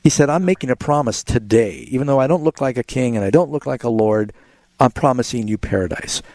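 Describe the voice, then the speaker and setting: A man's voice: mid-range voice, brisk, a little mellow, no room sound. A man hosting a call-in radio show, earnestly explaining Bible passages to callers. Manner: earnest, explanatory, quotes scripture. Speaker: radio Bible talk host.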